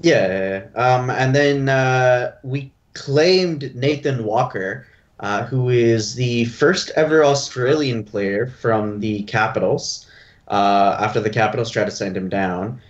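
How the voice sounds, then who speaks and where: A man's voice: mid-range voice, slow, highs cut off. A man co-hosting a casual hockey podcast, rambling with many fillers and asking questions. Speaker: podcast co-host.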